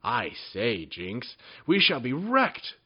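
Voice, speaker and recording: A man's voice: on the high side, sing-song, moderate pace, dull audio, pitched above the performer's own voice. A man voicing a timid little male goblin who groans and frets, in a storybook reading. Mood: fearful. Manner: groaning, fretful.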